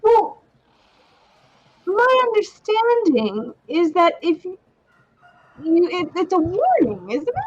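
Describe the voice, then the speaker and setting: A woman speaking politely and earnestly as her character in a tabletop game. Her voice is high and swings widely in pitch. Her mic sounds dull and lo-fi. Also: big pitch swings, slow, long pauses, no echo. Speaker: player. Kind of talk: tabletop role-play.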